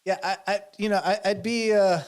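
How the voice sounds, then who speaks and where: A man's voice: high-pitched, steady tone, a little fast, clean tone. A man co-hosting a podcast in casual chat, laughing often and restarting his sentences. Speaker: podcast co-host.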